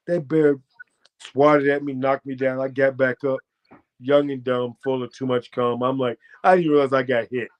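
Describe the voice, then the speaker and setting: An American man, a former fighter, telling a profane, boastful story as a guest and breaking into loud shouted quotes. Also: medium pitch. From United States. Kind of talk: animated storytelling.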